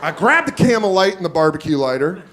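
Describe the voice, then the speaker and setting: Profane, high-voiced stand-up comic. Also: male voice, very animated. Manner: loose, profane, self-mocking, quick asides. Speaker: stand-up comedian. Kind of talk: stand-up storytelling. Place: comedy club stage. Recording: live club with loud crowd laughter.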